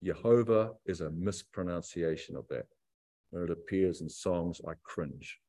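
A man preaching a sermon to a church congregation, reflective and emphatic, stretching key phrases out slowly. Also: low voice, dark tone. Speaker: pastor.

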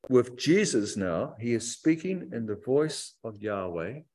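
A man preaching a sermon to a church congregation, reflective and emphatic, stretching key phrases out slowly. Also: mid-range voice, sing-song, darkish tone. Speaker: pastor.

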